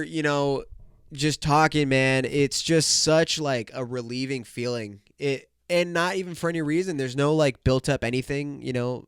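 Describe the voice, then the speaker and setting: Young man, podcast host, smooth clear voice, dry close mic, rambling, swears. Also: mid-range voice, no room sound. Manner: swears a lot, says bro, man and dude, rambling. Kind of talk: casual solo podcast talk.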